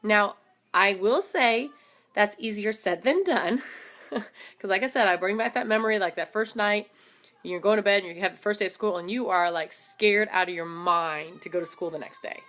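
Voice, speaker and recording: A woman in her thirties, a motivational vlogger, gives an animated, casual talk to camera in a medium-pitched voice at a moderate pace. She frequently addresses her viewers as "guys."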